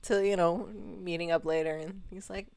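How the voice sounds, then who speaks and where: A woman's voice: on the low side, fairly even intonation, normal speed, darkish tone, clear, resonant tone. A woman streamer chatting casually to her chat about her game, rambling, laughing often and swearing casually.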